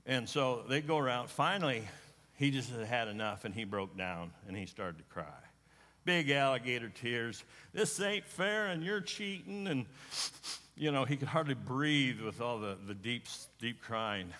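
A middle-aged male pastor preaches in a folksy, homespun way, often doubling his words as he goes. His voice is bright and forceful. It rings with long reverb through a large church hall. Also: medium pitch, moderate pace. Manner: folksy, repeats words as he talks. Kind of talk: sermon with personal storytelling.

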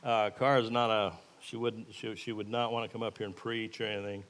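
A man's voice: on the low side, flat delivery, brisk, a bit bright. A man giving an informal, plain-spoken sermon with a live demonstration, in an earnest, folksy manner. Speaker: lay preacher. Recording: echoey hall with long reverb.

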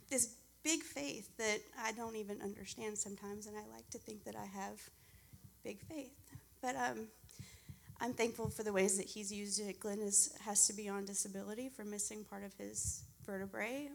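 A woman's voice: mid-range voice, vocal fry. A woman in her forties giving a heartfelt personal testimony at a church service. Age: 40s. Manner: earnest, heartfelt storytelling.

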